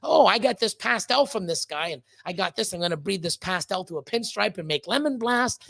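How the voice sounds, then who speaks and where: A snake breeder appears as a podcast guest, ranting bluntly and profanely and repeating words as he gets worked up. His voice sits high and is expressive, gravelly, and a bit bright, moving a little fast with no echo.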